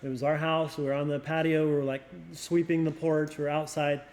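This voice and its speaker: A middle-aged man with a slightly high voice talks through memories of his father in easygoing conversation. He is reflective and halting, often doubling words as he searches for them, and grows a little emotional. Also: flat delivery, darkish tone. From Oregon. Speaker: youth pastor. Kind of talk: casual conversation, storytelling.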